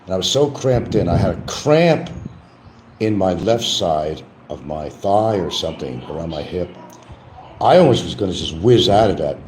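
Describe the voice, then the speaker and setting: A man's voice: low voice, expressive, moderate pace, a little mellow, a little hiss or hum, low-quality recording. An older man hosting a livestream, talking in a casual, rambling monologue with many restarts. He keeps repeating a catchphrase in a mock sing-song lift. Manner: frequent restarts and trailing asides. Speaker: livestream host.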